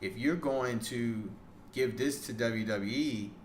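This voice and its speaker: A young man in a casual interview, an animated storyteller who acts out what other people said. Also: medium pitch, slow, roomy sound, slight background noise. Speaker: podcast guest, wrestling photographer.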